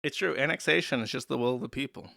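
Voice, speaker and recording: A man's voice: mid-range voice, fast talker, gravelly, pushed and bright, dry recording. A man hosting a livestream, rambling through sarcastic, profane jokes and commentary on a close desk mic. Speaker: streamer host.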